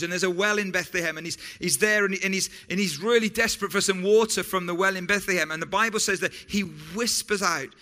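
Bright, chatty man preaching. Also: high-pitched. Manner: chatty, self-interrupting, jokey asides. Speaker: pastor. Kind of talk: sermon.

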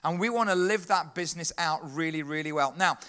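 A man leading a lively church talk, calling out to the congregation and getting them to answer back. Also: a little high, brisk, clean tone. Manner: upbeat, leads the congregation in call-and-response. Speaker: children's worker leading a church service.

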